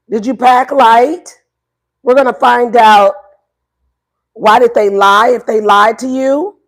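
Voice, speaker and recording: A woman doing a casual livestream tarot reading, playful and profane, repeating her questions to the viewers. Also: sits high. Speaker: tarot reader.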